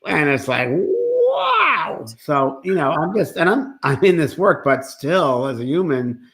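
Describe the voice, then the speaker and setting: A man's voice: on the high side, moderate pace, a bit bright. A man co-hosting a spiritual talk show, speaking earnestly and rambling with restarts, sounding a little sick. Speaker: co-host, medium.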